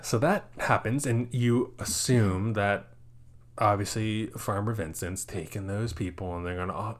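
A man co-hosting a casual movie review podcast, retelling scenes in an animated way. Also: on the low side, measured pace. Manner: animated, acts out scenes in exaggerated voices. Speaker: podcast co-host.

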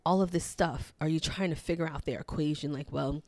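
A woman's voice: sits low, fairly even intonation, brisk, darkish tone, no echo. A young adult woman hosting a casual self-help talk, reflective and repetitive, with frequent fillers and light laughs. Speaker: podcast host.

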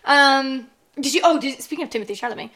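A young woman co-hosting a podcast in casual chat, rambling with lots of fillers and animated outbursts. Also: high voice, fast talker. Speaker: podcast co-host.

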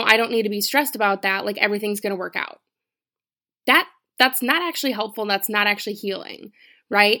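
A woman's voice: a little high, sharp tone. A young woman talking straight to her listeners with casual, earnest advice, emphatic and full of swearing and "like". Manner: earnest, emphatic, swears freely, lots of "like" and "right?".

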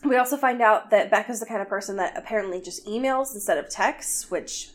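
Young woman, podcast co-host, casual book chat, sarcastic, swears, lots of filler words, mid-pitched voice. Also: a little fast.

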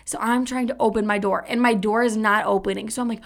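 A woman's voice: on the high side, fairly even intonation, fast talker, few pauses, fairly bright tone. A young woman in her twenties telling a personal story in a casual, profane and dramatic way, acting out what people said. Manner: candid, profane, dramatic retelling with acted-out quotes. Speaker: podcast host.

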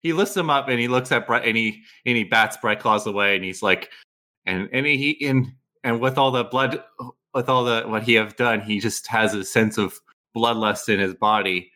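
A man playing a tabletop role-playing game, excitedly narrating his character's actions in halting bursts. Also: medium pitch. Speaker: player.

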